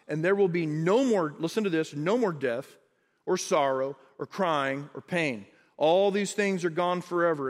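A man preaching a sermon as pastor, in an animated, conversational way with repeated phrases and asides. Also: high-pitched, long reverb tail.

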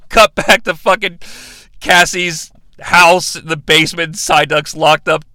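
Profane, animated male movie review host. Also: on the high side, slow pace, no room sound. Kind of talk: unscripted rant-style review.

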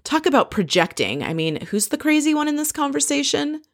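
A woman's voice: high-pitched, big pitch swings, a little fast, creaky. Chatty, sarcastic woman recapping TV. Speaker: reality TV recap host. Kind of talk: casual episode recap.

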